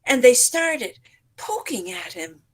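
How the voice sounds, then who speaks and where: A woman's voice: fairly high pitch, big pitch swings, slow pace. A woman telling folk tales expressively to teachers over a video call, acting out sounds and voices as she goes. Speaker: storyteller. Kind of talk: participation storytelling for teachers. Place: home setup, online session.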